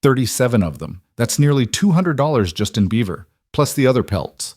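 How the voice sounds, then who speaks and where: A man voicing an earnest, quick-minded young frontier woman in a storybook reading. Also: mid-range voice, big pitch swings, a little mellow, no echo, studio quality. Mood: curious.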